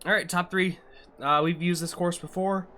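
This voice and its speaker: Young male stream host; bright, punchy tone, loose joking commentary, pokes fun at himself. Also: high voice, steady tone, moderate pace. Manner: joking banter with chat, self-deprecating. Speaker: livestream host and event commentator. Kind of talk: casual live-stream commentary.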